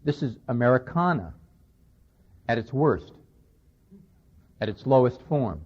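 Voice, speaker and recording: Recounting a conversation in a chatty lecture, a man speaks with emphasis in an animated, slightly rough, medium-pitched voice at a somewhat slow pace. The recording is old 1990s radio, dull and lo-fi.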